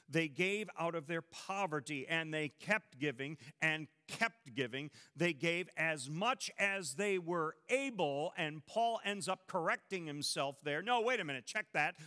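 Man, pastor, bright emphatic sermon delivery, big dynamic swings, echoing sanctuary. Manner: emphatic preaching, swings between loud stresses and low drops. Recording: long reverb of a large hall.

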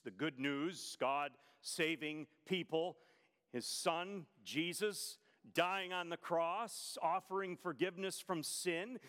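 A high-pitched man preaching a sermon, telling the story with emphatic pacing and pointed rhetorical questions. His voice rings out with a long reverb, as from a large hall. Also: fairly bright tone.

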